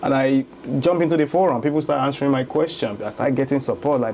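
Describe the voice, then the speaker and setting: A man's voice: mid-range voice, fast talker, hardly any pauses, warm tone, a little hiss or hum. A man in his thirties from Lagos with a Nigerian accent, a guest telling his story in a casual interview and laughing easily. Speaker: guest, real estate investor.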